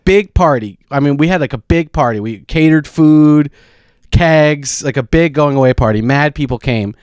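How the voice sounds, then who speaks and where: Man in his 30s, podcast co-host, loose rambling storyteller, slightly high voice, dry close sound. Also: moderate pace, clean tone, dry recording. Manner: rambling, many restarts and "like"s, acts out quotes loudly. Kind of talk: casual storytelling chat.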